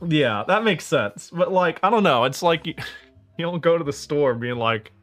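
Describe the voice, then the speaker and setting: A male streamer in casual stream chat, ranting in a profane, animated way and laughing often. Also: fairly high pitch, normal speed, faint music behind.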